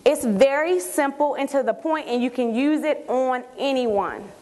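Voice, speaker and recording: A woman giving an energetic live training talk on network marketing, quizzing her audience as she coaches them. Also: high voice, a little slow. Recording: echoey hall with long reverb.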